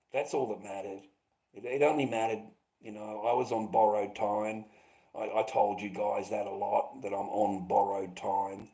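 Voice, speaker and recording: A man with a fairly low voice rambles to his livestream audience. He swears freely and calls his viewers mate and bro, in a loose, casual way. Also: darkish tone, rough recording.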